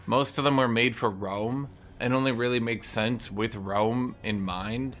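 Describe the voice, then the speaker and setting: A man giving casual, ranting gameplay commentary, animated and profane, as a content creator. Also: medium pitch, measured pace.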